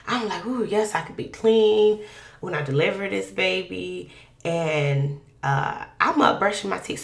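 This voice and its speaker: A woman telling a personal faith testimony in a conversational, animated, colloquial way. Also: on the low side, vocal fry, echoey room. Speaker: podcast guest sharing a testimony.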